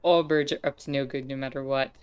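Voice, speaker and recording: A woman's voice: a bass voice, steady tone, quick pace, a little mellow, clean tone. A woman streamer giving casual, playful commentary while playing a game, chatting with viewers and laughing often.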